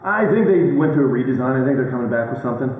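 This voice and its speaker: A man as a guest in a casual chat, giving quick, agreeable replies. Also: medium pitch, animated, narrow, tinny audio. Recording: very echoey room.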